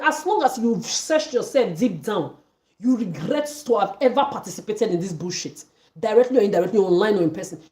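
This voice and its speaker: A woman's voice: fairly high pitch, dark tone. A woman delivering an angry, accusatory livestream rant, repeating herself as she goes. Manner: ranting, accusatory, repetitive.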